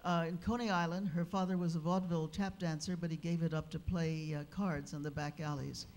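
A woman speaker at a religious gathering, telling an anecdote in a lively, animated way with humorous asides. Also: lowish voice, fairly quick, background noise. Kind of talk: anecdotal storytelling. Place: live gathering hall.

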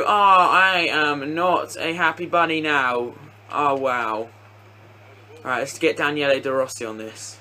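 A young man giving excitable, sweary live commentary on a football video game, shouting at goals. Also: a little high, unhurried. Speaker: gaming commentator.

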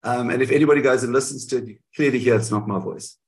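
A man in a candid interview, telling his side of events in an animated way and often correcting himself mid-sentence, heard over a video call. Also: medium pitch, quick pace, poor audio. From South Africa. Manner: animated storytelling, frequent self-corrections. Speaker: guest.

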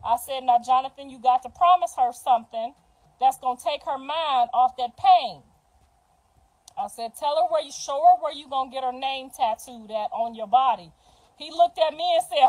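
A mother telling a story on a livestream in a casual, animated style, acting out what others said. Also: high voice, normal speed, low-quality recording.

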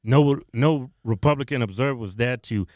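A middle-aged man co-hosting a casual political commentary show, talking in an excitable, animated way. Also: mid-range voice, moderate pace, no echo, clean studio sound. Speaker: co-host.

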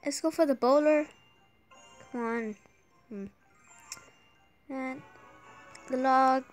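A woman giving excited live gameplay commentary while she has a sore throat from an oncoming cold. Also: high-pitched, slow, soft background music. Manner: excitable, urging the game on aloud. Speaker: gamer.

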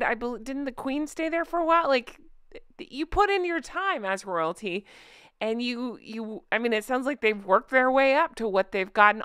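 A woman's voice: a little high, bright, forceful tone, clear, resonant tone, no room sound, clean studio sound. A woman hosting a commentary vlog, sarcastic and scornful, laughing often. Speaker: royal commentary channel host.

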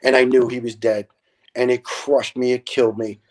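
Animated, profane New storyteller man. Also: medium pitch, normal speed. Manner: animated, profane storyteller who acts out dialogue. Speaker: podcast guest, retired fire lieutenant. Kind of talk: casual storytelling.

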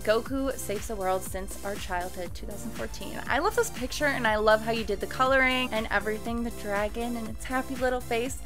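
A young woman doing a casual anime reaction, excitable and quick to gasp and shriek. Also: a little high, music in the background. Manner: excitable, gasping and shrieking in surprise.

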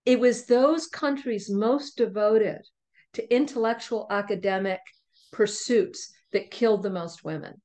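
A middle-aged woman, a podcast guest, telling a personal story in an animated way, often laughing. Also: medium pitch, measured pace. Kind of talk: storytelling in conversation.

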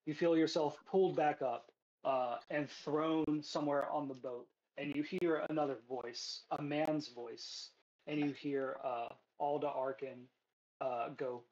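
A man narrating a tabletop game as game master, relaxed and filler-heavy. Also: fairly high pitch, a little slow, lo-fi sound.

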